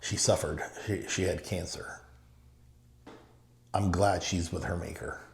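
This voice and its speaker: Emphatic low gravelly man. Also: fairly even intonation, unhurried. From Middle East. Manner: emphatic, repeats short phrases. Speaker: guest, real estate owner. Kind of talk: casual interview storytelling. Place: podcast studio. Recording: roomy studio echo.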